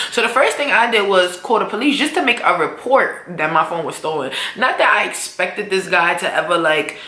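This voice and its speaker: A young woman tells her story to the camera in a quick, slangy, animated way, her voice swinging up and down. Her tone is bright and a little sharp. The room around her rings with echo. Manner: animated, slangy, acts out quotes in a high voice. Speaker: vlogger. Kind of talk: casual storytime. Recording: echoey room.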